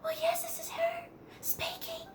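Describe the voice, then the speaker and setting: A woman imitating her older aunt answering the phone in a high, sing-song greeting. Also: monotone, a little slow, heavy background noise.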